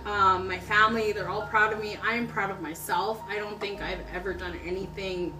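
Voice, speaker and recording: A young woman telling her story in a casual interview, chatty and excitable, laughing often. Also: medium pitch, moderate pace, distant mic. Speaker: customer giving a testimonial. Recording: roomy sound from off-mic with background music.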